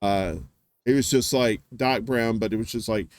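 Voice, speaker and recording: A man hosting a casual live-stream chat, telling rambling stories full of filler words and dropping into quick voice impressions. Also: lowish voice, no room sound. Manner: does quick voice impressions of others. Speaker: host.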